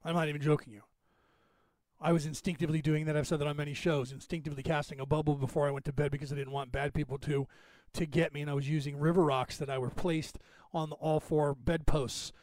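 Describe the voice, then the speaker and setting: A man with a somewhat high voice talks quickly and at length, hopping from one point to the next. He hosts his own podcast in a loose, talkative monologue. The sound is close and dry, with no room around it. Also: level tone, a little mellow, no echo. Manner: rapid, talkative, digressive. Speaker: podcast host. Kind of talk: rambling spoken monologue.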